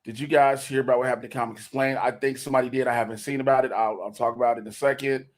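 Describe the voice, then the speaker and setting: A man's voice: mid-range voice, fairly even intonation, rapid-fire. A man in his forties co-hosting a casual livestream, joking loosely and reading out donor messages. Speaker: podcast co-host.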